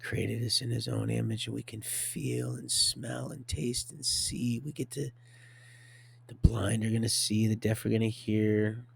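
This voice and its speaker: A man hosting a livestream, rambling through a religious monologue, swinging from hushed to loud and laughing often. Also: fairly low pitch, level tone, unhurried, creaky, breathy edge. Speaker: livestream host.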